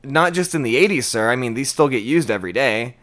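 A man's voice: medium pitch, fast talker. A young man casually telling work stories on a podcast, acting out callers and swearing freely. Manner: animated, acts out callers in quoted voices. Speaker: podcast co-host. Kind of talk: casual storytelling chat.

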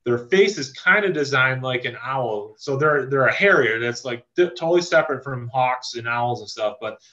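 A man from a land trust giving a casual online talk on birding, relaxed and enthusiastic, with many fillers and restarts. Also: medium pitch, moderate pace. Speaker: land trust staff member teaching birding. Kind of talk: casual virtual presentation. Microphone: video call microphone. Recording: slightly dull lo-fi video call audio.

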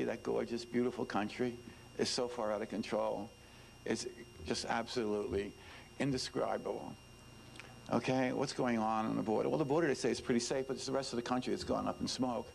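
A man's voice: mid-range voice, creaky, a little hiss or hum, poor audio. A man, a former detective giving an informal talk to students, emphatic and repetitive, with many "you know"s. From New York. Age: 70s.

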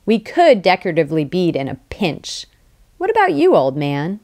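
A woman's voice: fairly low pitch, wildly swooping pitch, normal speed, a little mellow. A woman voicing a laid-back young male clone stoner who teases an old man in an offhand way. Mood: teasing. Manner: teasing, offhand.

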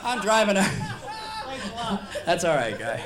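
A man's voice: sits high, big pitch swings, a little slow. A man from the Cincinnati area doing live stand-up in a nightclub, folksy and ribbing the crowd. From Cincinnati, Ohio area. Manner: folksy, ribbing the audience, laughing at his own jokes. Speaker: stand-up comedian. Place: nightclub stage.

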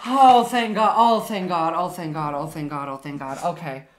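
A lowish-voiced woman speaking at normal speed streams a game live, with slight background noise. She's loud and dramatic, shrieking and cursing, while chatting with her audience and thanking subscribers.

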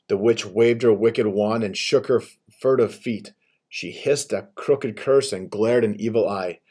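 A man with a low, soft and mellow voice reads a children's picture book aloud for a school audience. He tells it expressively, with lively turns for the characters. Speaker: school read-aloud host.

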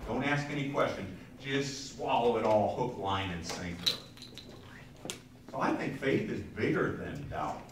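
A man's voice: lowish voice, lively intonation, a little slow, background noise. A male pastor giving a conversational sermon to his congregation, often repeating words and restarting phrases and turning to listeners with asides. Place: church sanctuary. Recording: echoey church from a distance.

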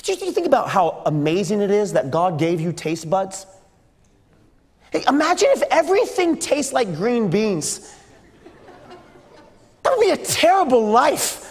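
High-voiced playful preacher in a reverberant church. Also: male voice, very animated, normal speed, long pauses, darkish tone. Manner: playful, joking, acts out sounds. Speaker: pastor. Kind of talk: sermon to a youth group. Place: church sanctuary.

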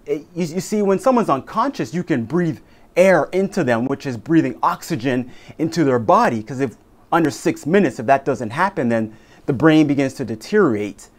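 A man's voice: on the high side, lively intonation, moderate pace. Fervent man giving a motivational speech. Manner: dramatic, repetitive, emphatic delivery. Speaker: motivational speaker.

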